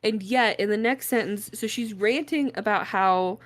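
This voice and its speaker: A woman co-hosting a book club podcast in relaxed, casual chat. Her voice sits in a middle range. She is animated, swears freely and laughs as she retells scenes. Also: medium pitch, moderate pace.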